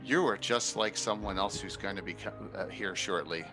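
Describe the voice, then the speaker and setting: A man's voice: sits low, normal speed, music in the background, lightly acted. Man playing a foppish, flowery nobleman. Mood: genial. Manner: flowery, genial, giggly. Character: foppish dandy nobleman adventurer, courteous and showy.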